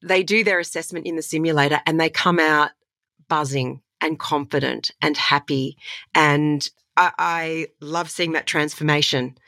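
A woman's voice: deep voice, normal speed, no echo, clean studio sound. A woman with an Australian accent, a voiceover artist and voice coach, talking with enthusiasm in a conversational interview. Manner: enthusiastic, animated storytelling with laughs.

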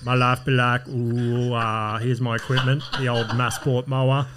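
A man's voice: medium pitch, little pitch movement, normal speed, noisy background, close to an everyday voice. A man with an Australian accent voicing a smug, goofy lawn-mowing influencer in a parody vlog voice-over, with mock-upbeat patter. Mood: cheesy.

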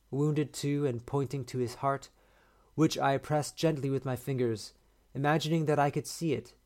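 Man reading a story, measured pace. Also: medium pitch, darkish tone. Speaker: podcast host. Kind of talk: reading a short story aloud.

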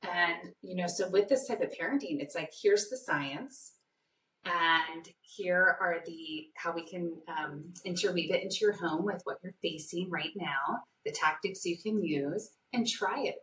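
A woman parenting coach answering interview questions in a lively way, acting out the voices in her stories. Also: on the low side, measured pace. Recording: echoey room, distant mic.

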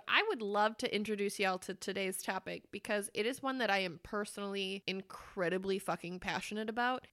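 A woman hosting her own podcast, chatting casually with lots of swearing, animated and playful, sometimes loud, sometimes dropping to a whisper. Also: on the high side, no room sound, studio quality. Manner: animated, swinging between loud and quiet. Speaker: podcast host.

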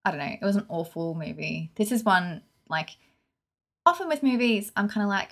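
A woman's voice: mid-range voice, brisk. A woman, co-hosting a podcast and giving frank, opinionated film reviews in casual chat. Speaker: podcast co-host.

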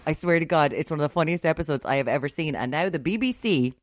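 A woman co-hosting a casual chat, animated and laughing between quick asides. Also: low voice, dry recording. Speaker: podcast co-host.

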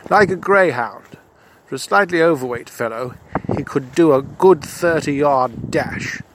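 A man's voice: a little high, measured pace, background noise. A man telling a comic adventure story in the first person, in a pompous, self-satisfied manner.

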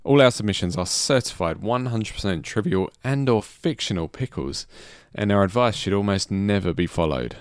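A man hosting a casual comedy podcast, jokey and quick to laugh. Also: fairly low pitch, no room sound, clean studio sound. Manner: jokey, laughs often, lively delivery. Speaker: podcast host. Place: small studio.

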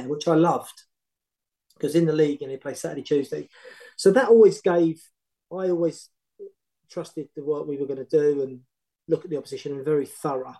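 A middle-aged man with a mellow, warm voice sitting a little high for a man. He tells his stories in a loose, animated way, full of restarts and asides. His tone is that of a relaxed podcast guest. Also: fairly quick, pauses often, low-quality recording. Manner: animated, rambling anecdotes with many restarts. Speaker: former football manager, podcast guest. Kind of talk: casual storytelling.

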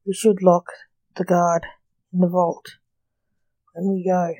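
A woman voicing a calm, measured voice speaking through a drone, read slowly in a mellow tone. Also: lowish voice, dry recording.

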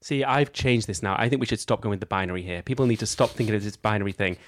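A young man co-hosting a casual podcast, telling animated, quick stories. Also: lowish voice, dry recording, studio quality. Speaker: podcast co-host, former baking contestant. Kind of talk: casual chat.

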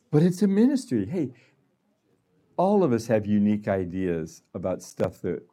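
A man's voice: fairly low pitch, expressive, measured pace, mellow. A man giving a conversational sermon to a gathering, laughing often and acting out little voices. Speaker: healing room director speaking.

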